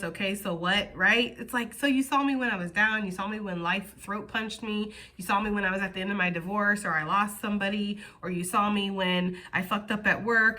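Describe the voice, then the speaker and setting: A woman giving a casual, profane and animated tarot reading to her viewers. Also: a little high. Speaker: tarot reader.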